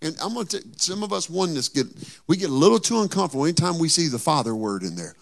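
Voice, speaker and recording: A male pastor preaching a sermon in a conversational tone, firing rhetorical questions at the congregation and building to loud, emphatic peaks. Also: on the high side, very animated, rapid-fire, creaky.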